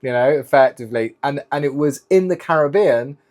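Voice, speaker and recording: A man's voice: a little high, brisk, darkish tone. A middle-aged man, a guest telling long, rambling stories in a casual interview. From United Kingdom. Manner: rambling anecdotal storytelling, strung together with "and then". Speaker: guest, keynote speaker and former sailor.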